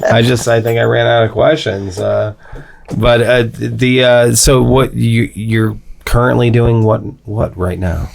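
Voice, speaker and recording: A man's voice: mid-range voice, steady tone, a little slow, gravelly. A man with a Cleveland accent interviewing a musician, talking in a laid-back, musing way with many fillers. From Cleveland, Ohio. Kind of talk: casual interview chat.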